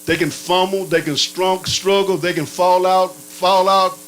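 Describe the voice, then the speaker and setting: A man preaching a sermon in a playful, animated way, his pitch swinging up and down and sometimes breaking into barking sounds. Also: measured pace, poor audio.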